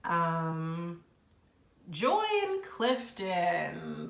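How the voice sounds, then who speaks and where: A woman giving a casual, opinionated recap of a reality show episode, chatty and animated, with plenty of fillers. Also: on the low side, drawn-out words, gravelly. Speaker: reality TV reviewer. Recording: echoey room.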